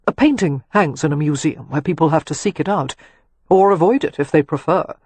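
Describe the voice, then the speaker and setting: An audiobook reader voicing a charming, self-assured young nobleman with wry, teasing talk, husky in tone. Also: medium pitch, brisk, dry recording, lightly acted. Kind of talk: audiobook character reading.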